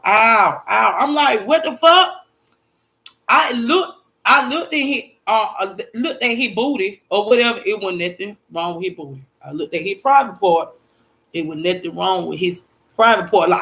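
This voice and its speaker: A young woman vlogger telling a personal story in a blunt, profane, repetitive way, breaking into loud exclaimed quotes. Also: mid-range voice. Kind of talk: emotional storytime monologue.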